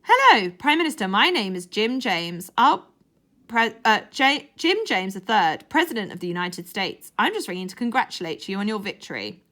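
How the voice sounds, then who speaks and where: A woman voicing a schoolboy who fakes a pompous male president on the phone, slow and self-important. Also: medium pitch, very animated, fairly bright tone.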